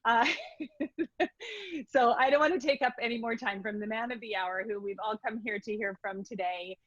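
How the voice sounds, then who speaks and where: A fairly high-voiced woman gives a prepared introduction, laughing often between phrases. Her voice is very dry and close, with a dull, lo-fi sound. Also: fairly even intonation, moderate pace, fairly bright tone, no room sound. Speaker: event host introducing the author.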